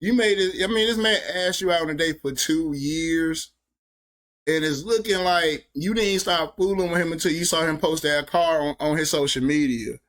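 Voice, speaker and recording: A man reacting to a clip, talking loosely in slang and feeling his way through his points. His voice is a little higher than most men's. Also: normal speed, fairly bright tone. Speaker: reaction show host. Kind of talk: casual reaction commentary.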